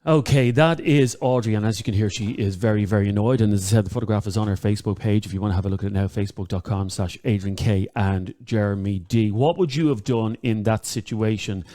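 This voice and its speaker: A man's voice: fairly low pitch, quick pace, few pauses, warm tone. An Irish man hosting a talk radio show, chatting to listeners with lots of ums and uhs and repeating the number to call.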